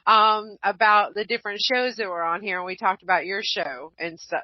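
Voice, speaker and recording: A woman hosting an online radio show in casual chat, blunt and animated, swearing freely. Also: medium pitch, moderate pace, dry recording. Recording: dull lo-fi online radio, dry.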